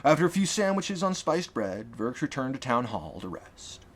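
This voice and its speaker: A man narrating his own fantasy audiobook in an expressive, dramatic reading. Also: medium pitch, moderate pace, a little hiss or hum. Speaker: author and narrator.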